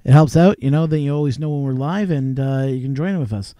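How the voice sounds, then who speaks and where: A man's voice: mid-range voice, brisk, mellow, dry recording, studio quality. A man chatting casually on a live stream from home, rambling and chuckling through his stories with lots of fillers. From Canada.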